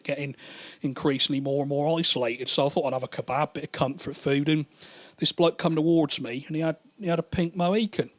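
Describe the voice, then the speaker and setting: Male comic as a sheepish drunk young lad; quiet, halting, rambling. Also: fairly high pitch, no echo. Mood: mopey. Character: drunk sheepish young man, the troublemaking mate.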